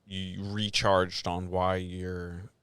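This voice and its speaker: Deep-voiced young man, joking podcast host. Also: very slow, smooth, no room sound. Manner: relaxed, joking, uses "like" a lot. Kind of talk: casual chat.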